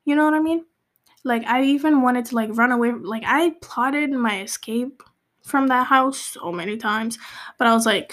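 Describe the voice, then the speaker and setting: At a measured pace, a young Cape Verdean woman with a somewhat high voice opens up casually about a hurtful chapter of her life, vlog-style. She rambles, uses fillers, restarts her sentences and at times drops to a whisper.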